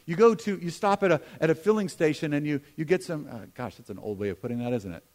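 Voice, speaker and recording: Conversational preaching man, raised pitch. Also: animated, quick pace. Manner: conversational, self-deprecating asides, swings from emphatic to hushed. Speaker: pastor. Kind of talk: sermon.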